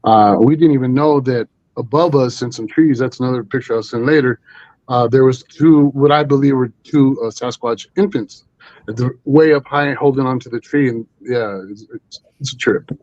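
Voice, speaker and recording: Over a dull, lo-fi stream with no room sound, a man of middle pitch tells a story as a guest. He rambles and restarts, with fillers all through. His tone is casual. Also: normal speed, darkish tone, no room sound. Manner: rambling, full of 'you know' and restarts.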